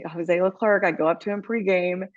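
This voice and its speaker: A woman's voice: fairly low pitch, normal speed, dry recording, highs cut off. Emotional, rambling middle-aged woman. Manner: emotional, rambling storyteller with restarts. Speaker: podcast co-host and baseball team reporter. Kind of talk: casual chat.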